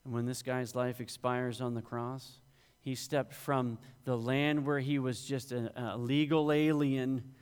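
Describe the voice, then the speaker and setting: A man's voice: medium pitch, flat delivery, unhurried, a little mellow, smooth. A male pastor preaching a sermon, rising in emphasis on quoted scripture. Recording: long hall reverb.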